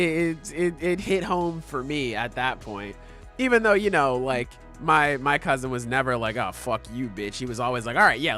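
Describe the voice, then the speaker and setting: Young man, podcast co-host, excitable, swears often, faint background music. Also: a little high. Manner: excitable, swears a lot, many fillers. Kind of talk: casual chat.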